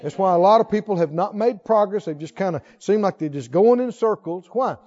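A man preaching a sermon in a church, conversational and animated, building to emphatic exclamations. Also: sits high, a little fast. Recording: dull audio with long hall reverb.

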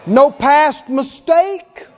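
High-voiced emphatic male preacher. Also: very slow, a little mellow, long reverb tail, dull audio, a little hiss or hum. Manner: emphatic, repeats for effect, laughs between points. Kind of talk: sermon.

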